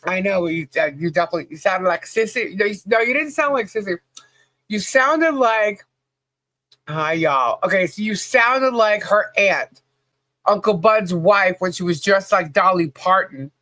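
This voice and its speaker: A woman's voice: mid-range voice, normal speed, fairly bright tone, no room sound. Chatty woman greeting viewers live. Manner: chatty, greets viewers by name, laughs often. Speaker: podcast co-host. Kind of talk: casual livestream chat.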